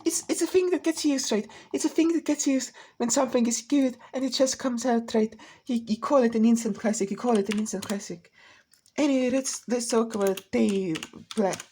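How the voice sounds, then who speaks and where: A woman's voice: a little high, mellow, slightly rough. A woman vlogger in a rambling, profane rant, full of restarts and asides. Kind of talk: casual ranting commentary.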